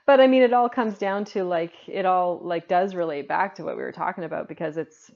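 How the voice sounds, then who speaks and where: A woman with a lower-pitched voice co-hosts a relaxed talk show, thinking out loud with lots of "like" fillers. The recording sounds dull and muffled, a lo-fi capture. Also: brisk, gravelly. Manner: reflective, many "like" fillers. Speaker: podcast co-host. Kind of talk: casual conversation.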